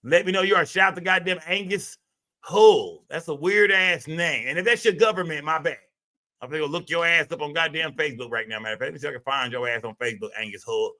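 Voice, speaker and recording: A male live stream host chats loosely with his viewers, piling on filler tags and swearing freely. His voice sits a bit high and comes through bright and forceful. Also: fast talker. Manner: loose, rambling and profane, with lots of filler tags. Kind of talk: casual live stream commentary.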